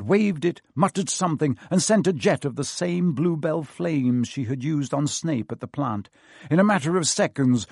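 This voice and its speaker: Husky guy reading a storybook out loud, expressive, dry close mic. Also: on the high side, no echo. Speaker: audiobook narrator. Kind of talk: storybook narration.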